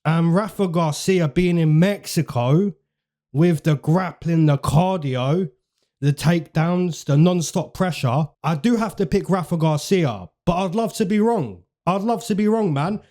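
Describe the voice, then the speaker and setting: A man's voice: a little high, unhurried, mellow. A man hosting fight predictions in casual, chatty commentary, repeating phrases for emphasis and using slang.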